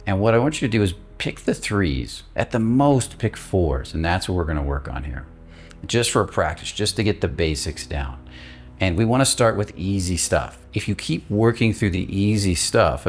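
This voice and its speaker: A male coach giving a guided instructional talk, calm and steady, stressing key words by repeating them. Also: rumbling low. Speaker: emotional release coach.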